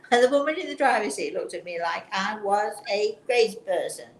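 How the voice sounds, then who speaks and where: Woman, talk show host, earnest, gentle, restarts sentences, roomy echo, faint background hum. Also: mid-range voice, lively intonation, a little fast. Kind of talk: casual chat, personal storytelling.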